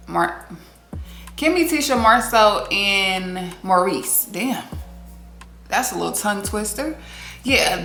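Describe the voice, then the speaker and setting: A candid woman chats through a reality TV recap in a mid-range voice, talking freely and swearing without hesitation. Her voice carries a roomy echo, and soft music plays underneath. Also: mid-range voice. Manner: candid, expressive, swears freely, acts out quotes. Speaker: TV recap host. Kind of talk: casual TV recap commentary.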